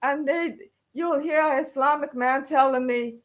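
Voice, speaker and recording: A woman's voice: high voice, normal speed. A woman telling stories in casual chat, acting out quotes and laughing as she goes. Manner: animated storyteller who acts out quotes and laughs through her stories.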